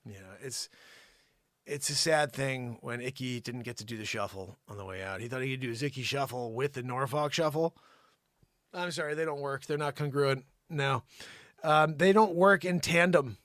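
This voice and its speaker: A man hosting a live comedy stream, rambling through an improvised riff that swings between shouted outrage and mumbled asides. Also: a little high, expressive, moderate pace, no echo, clean studio sound. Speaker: comedy livestream host. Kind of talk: unscripted comic riffing.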